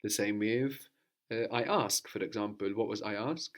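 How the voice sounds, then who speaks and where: In this guided lesson, the male teacher's voice sits fairly low. He keeps prompting the student with questions, stays patient, and tacks a quick "no?" onto the end of many points.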